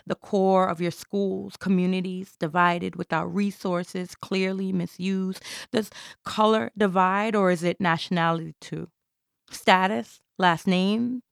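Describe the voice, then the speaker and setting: A woman's voice: lowish voice, creaky, no echo, studio quality. A woman from Jamaica performing an intense, theatrical spoken-word monologue.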